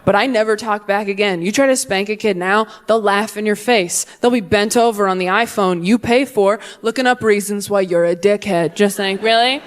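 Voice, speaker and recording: A woman in her twenties performing stand-up comedy with a brisk, sarcastic, punchy delivery. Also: medium pitch. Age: 20s.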